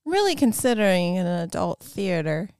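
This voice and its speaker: A woman's voice: lowish voice, sing-song, normal speed, darkish tone, clean tone, no echo, clean studio sound. A woman playing a tabletop role-playing game, asking questions in character in a playful, teasing way. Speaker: player.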